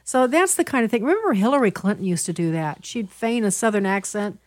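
A woman's voice: mid-range voice, expressive, brisk, no echo. A middle-aged woman hosts a political talk radio show. She argues emphatically and with conviction, stumbling over fillers and restarting sentences. The studio sound is dry and close, with no room to it.

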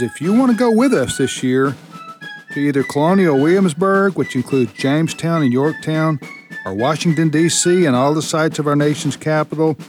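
A man reading a brisk promotional spot for a radio program. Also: a little high.

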